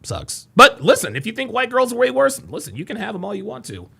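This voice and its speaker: A man hosting a live reaction stream, reading viewer comments aloud with loud, crude, mocking banter that swings between yelling and mumbling. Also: extremely high pitch, huge pitch swings, a little fast, gravelly, husky. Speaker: reaction show host.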